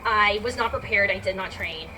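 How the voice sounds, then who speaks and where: A woman's voice: mid-range voice, normal speed. A woman telling a personal story to a live audience in a chatty, filler-heavy way. She laughs often and acts out her own reactions. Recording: distant mic with background noise.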